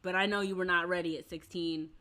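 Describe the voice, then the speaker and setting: Expressive woman podcast host. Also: on the low side, fast talker. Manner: expressive, acts out quoted voices. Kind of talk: casual faith conversation.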